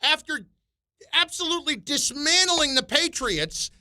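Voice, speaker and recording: A man's voice: very high voice, animated, a little slow, pushed and bright, no echo. A man co-hosting a sports radio show, needling and teasing his partner. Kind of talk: sports talk banter.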